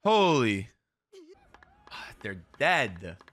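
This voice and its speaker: A young man doing live reaction commentary on an anime, excitable and profane, shouting at the screen. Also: medium pitch, drawn-out words.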